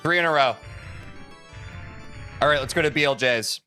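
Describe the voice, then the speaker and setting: A man's voice: fairly high pitch, normal speed, pushed and bright, faint music behind. A young man streaming a speedrun, chatting casually with his viewers, answering their messages and swearing freely. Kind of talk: casual live-stream chat while playing.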